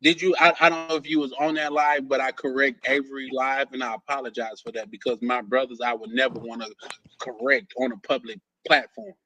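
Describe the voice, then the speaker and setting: A man's voice: mid-range voice, fairly even intonation, brisk, bright, forceful tone, a little hiss or hum, poor audio. A man hosting a casual live stream chat, joking, stumbling over and repeating words, and laughing often.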